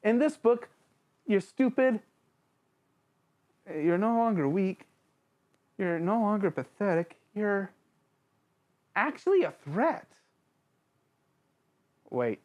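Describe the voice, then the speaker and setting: A channel host giving a casual, excitable spoken book review, joking around and talking straight to the author and characters. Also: slow pace, long pauses, dull audio. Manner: excitable and jokey, with big swings in pitch; addresses the author and characters directly, playful slang.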